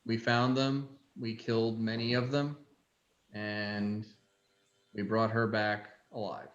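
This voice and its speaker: A man's voice: fairly low pitch, level tone, takes it slowly. A man playing a tabletop game who talks hesitantly, with many fillers, recorded in an echoey room with dull, lo-fi sound. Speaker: player.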